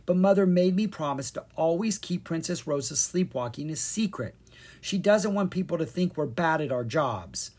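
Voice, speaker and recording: A guilty, nervous young boy in a storybook, owning up in a hesitant way, as a narrator puts him on. The voice carries a breathy, husky edge. His pitch moves lively between lines. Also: moderate pace. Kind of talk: storybook reading.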